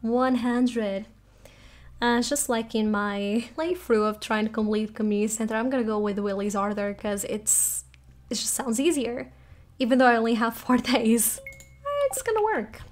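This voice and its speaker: A woman's voice: a little high, moderate pace. Giggly woman chatting over gameplay. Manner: giggly, chatty, thinking aloud. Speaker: let's play host. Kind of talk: casual gameplay commentary.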